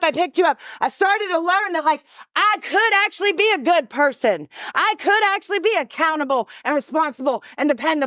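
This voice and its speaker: A middle-aged woman with a high voice tells her recovery story as personal testimony. She talks loud and emphatic and acts out the quotes. The sound is dry and close. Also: no echo.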